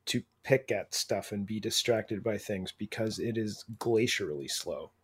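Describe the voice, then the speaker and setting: A man co-hosting a casual movie review podcast, breaking down performances in a measured, analytical way. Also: on the low side, fairly bright tone, husky. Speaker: podcast co-host.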